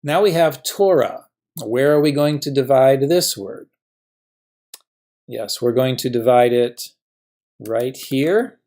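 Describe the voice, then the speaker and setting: Male teacher, mid-pitched, patient lecture voice that poses and answers its own questions. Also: a little mellow. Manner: patient, asks questions and answers them himself. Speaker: Hebrew teacher. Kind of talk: classroom grammar lesson.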